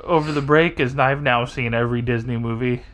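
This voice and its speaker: A woman's voice: very deep voice, a little fast, noisy background. A woman co-hosting a podcast in casual chat, rambling and hesitant with many fillers. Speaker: podcast co-host.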